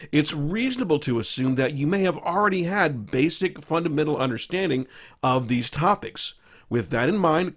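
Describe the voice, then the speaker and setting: Man, teacher, staff training lecture, measured explanatory delivery, mid-pitched. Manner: measured, explanatory, with occasional fillers. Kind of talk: recorded slideshow lecture.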